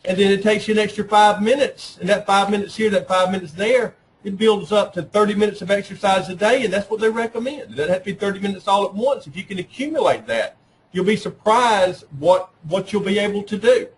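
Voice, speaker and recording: A man speaks at a professional development session. His voice sits fairly high for a man, and he talks in a relaxed, conversational way. He checks in with the audience by asking "right?" and slips in jokes at his own expense. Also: fairly quick, slight background noise, rough recording. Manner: self-deprecating humor. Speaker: workshop presenter.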